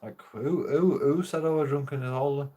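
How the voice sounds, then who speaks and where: A man's voice: on the high side, fairly even intonation, a little fast, warm tone. Profane rambling man. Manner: rambling, profane, laughs often. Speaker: streamer. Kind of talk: casual storytelling while gaming.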